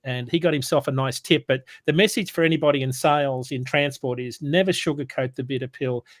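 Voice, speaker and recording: A man co-hosting a sales morning show, telling a story in casual chat, animated and full of restarts. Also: mid-range voice, fairly quick, dry recording. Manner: animated, retells dialogue with many restarts.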